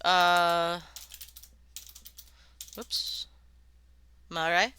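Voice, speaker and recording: A woman's voice: fairly low pitch, little pitch movement, extremely slow, sharp tone, clear, resonant tone. A woman streaming live, chatting casually and swearing freely as she worldbuilds and sounds out words, laughing often.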